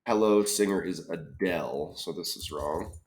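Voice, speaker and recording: A man's voice: sits low, moderate pace. A man solving a crossword aloud, musing tentatively and often trailing off with questions. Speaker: crossword solver. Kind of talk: thinking-aloud puzzle solve.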